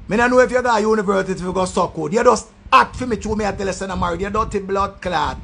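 A man with a Jamaican accent delivers a loud, insulting rant in patois. His voice sits high, with a gravelly, husky edge. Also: fast. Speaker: online commentator. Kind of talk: ranting commentary.

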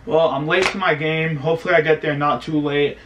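A man's voice: a little high, steady tone, a little fast, fairly bright tone, lo-fi sound, slight background noise. A man in his twenties venting in an exasperated, self-pitying rant about his team losing, filmed at home late at night. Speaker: vlogger. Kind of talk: venting sports reaction vlog.

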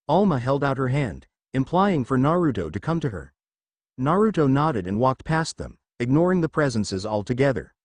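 Man reading fan fiction, lively pitch. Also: normal speed, no room sound. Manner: plain reading with frequent slips. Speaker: narrator. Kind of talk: amateur fanfiction reading.

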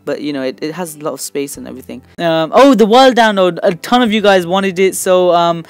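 Teen male gaming host, excitable commentary, loud squeals and quick mumbles, faint music bed. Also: high voice. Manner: shouts and squeals in excitement, then drops to quick mumbled asides.

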